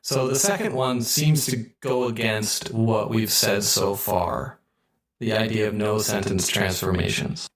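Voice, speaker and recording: Low-voiced man co-hosting a lesson. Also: a little slow, low-quality recording. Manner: explanatory, compares with English grammar. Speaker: co-host of language lesson. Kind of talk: scripted language lesson.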